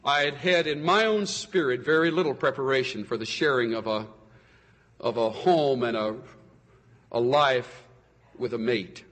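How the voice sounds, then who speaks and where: Male pastor, sermon, bright ringing voice, long hall reverb. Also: medium pitch, unhurried. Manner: expressive preaching, swinging from soaring to hushed.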